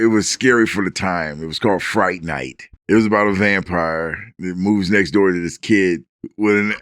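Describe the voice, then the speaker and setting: A man's voice: low voice, no room sound, studio quality. A man co-hosting a podcast, telling stories with animation and acting out lines, restarting in bursts. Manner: animated storyteller who acts out the characters' lines. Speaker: podcast co-host. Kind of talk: casual chat, storytelling.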